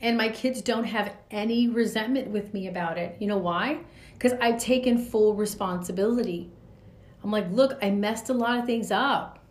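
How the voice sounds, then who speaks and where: A woman's voice: medium pitch, normal speed. A woman in her forties hosting a reflective podcast monologue, speaking earnestly with loose spoken asides. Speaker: podcast host. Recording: echoey room.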